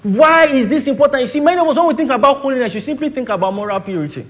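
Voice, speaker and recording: A man with a Nigerian English accent preaches a sermon in a very high, animated voice at a rapid-fire pace. He swings between loud declarations and hushed asides, asking the congregation rhetorical questions.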